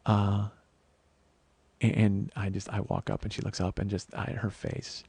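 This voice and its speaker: A man's voice: lowish voice, measured pace, gravelly, breathy edge, dry recording. Guy in his 40s hosting a podcast, tells a long funny story, acts out every voice, swears a lot, very dry sound. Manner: animated, acts out both sides of conversations; swears casually, frequent restarts. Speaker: podcast host. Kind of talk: solo comedic storytelling.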